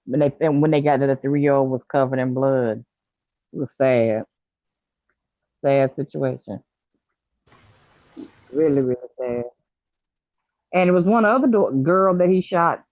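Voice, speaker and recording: A livestream chat host talking in a halting, somber way, with many pauses and fillers. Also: mid-range voice, no echo, lo-fi sound.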